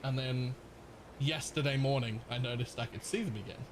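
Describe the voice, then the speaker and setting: A man's voice: medium pitch, normal speed, noisy background. A man with a partly Australian accent, chatting casually as a live streamer, rambling, laughing often and swearing.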